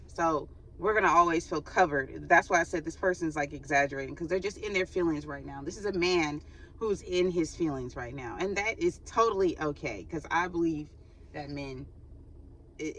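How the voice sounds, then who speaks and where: A woman's voice: low voice, brisk, fairly bright tone, slight background noise. A woman hosting a faith channel, giving a casual spiritual reading in a chatty way and acting out sighing quotes, recorded without her microphone. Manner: chatty, laughs often, acts out quoted sighs.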